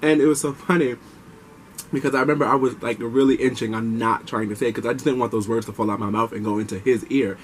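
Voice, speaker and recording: A young man talks straight to his viewers in a chatty, animated way, moving between retelling his own story and giving heartfelt advice. His voice sits at an ordinary middle pitch, and a faint hum runs behind him. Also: fast talker, low-quality recording. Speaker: vlogger. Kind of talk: personal storytelling to camera.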